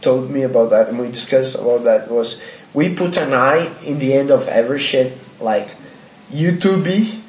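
A man's voice: mid-range voice, normal speed, a little mellow. A man with a Brazilian accent who speaks English as a second language, stumbling and repeating words as he searches for phrasing in casual chat. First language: Portuguese. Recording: echoey room, faint noise.

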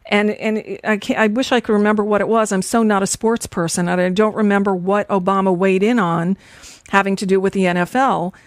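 A woman's voice: mid-range voice, fairly even intonation, fairly quick, no echo, clean studio sound. A woman co-hosting a casual political chat show, talking conversationally and restarting as she reads tweets. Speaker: podcast co-host.

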